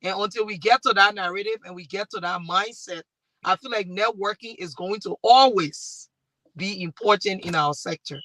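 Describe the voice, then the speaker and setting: A woman from Liberia with a Liberian accent, speaking as a panelist and talk show host who tells animated stories and acts out the dialogue. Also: medium pitch, normal speed, no echo. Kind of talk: panel discussion.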